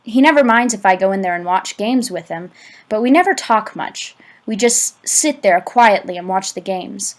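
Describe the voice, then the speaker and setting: A woman's voice: mid-range voice, animated, moderate pace. Woman reading an audiobook plainly. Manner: plain, slightly stumbling reading. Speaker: audiobook reader. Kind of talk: amateur audiobook narration.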